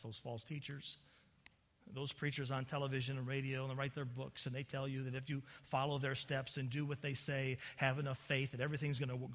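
A male pastor preaching an impassioned sermon, building to loud peaks and dropping into folksy asides to the congregation. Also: mid-range voice. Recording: long hall reverb.

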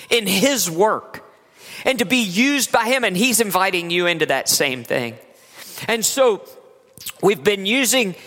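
A man from Virginia, preaching a sermon in a lively, conversational way in a church. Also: high voice. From West Virginia. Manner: lively, conversational preaching with laughs and acted asides. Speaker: pastor. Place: church sanctuary. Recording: long hall reverb.

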